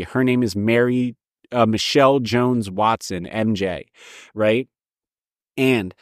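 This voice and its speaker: A man's voice: mid-range voice, no room sound, clean studio sound. A man hosting a show, talking in a casual monologue that rambles and repeats points with frequent restarts. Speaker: show host.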